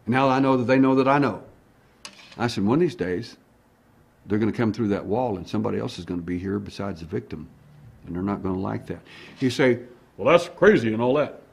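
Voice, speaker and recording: Husky man telling an abduction story. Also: fairly low pitch, a little fast. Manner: animated, acts out dialogue. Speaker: alien abduction investigator. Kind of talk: storytelling monologue.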